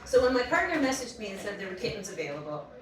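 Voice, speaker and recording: A young woman telling a funny personal story on a comedy stage. She talks in an animated way, laughs often and acts out the voices in her story. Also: medium pitch, racing, over music. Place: small comedy venue. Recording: roomy distant mic with audience. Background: audience laughing.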